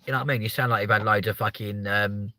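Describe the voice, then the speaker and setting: Joking around with his viewers on a comedic live stream, a man rambles, swears a lot, and sometimes puts on goofy high voices. His delivery is quick and sharp with fairly even intonation, and the audio carries no room sound.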